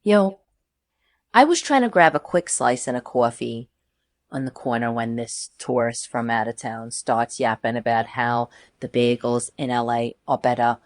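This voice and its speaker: A cheeky, impatient New York woman with a thick New York accent, from a synthetic woman's voice. She drawls her brash complaints slowly. The sound is dry and close. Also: extremely low pitch, no echo. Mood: sassy. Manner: brash and sassy.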